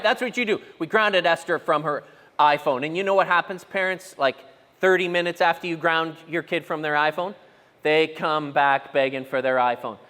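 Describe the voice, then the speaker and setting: A middle-aged man preaching a sermon as pastor, animated storytelling, acting out quotes and asking the room questions. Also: a little high. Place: church auditorium. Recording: long reverb of a church hall.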